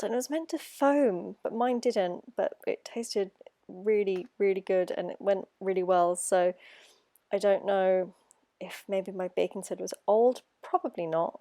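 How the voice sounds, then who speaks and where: A British woman, hoarse from hay fever, chatting casually and rambling a little as she bakes cookies for a vlog. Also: medium pitch, dark tone. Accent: British English. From England. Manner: chatty and rambling, lots of ums. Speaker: home baker vlogger. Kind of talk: casual baking vlog chat.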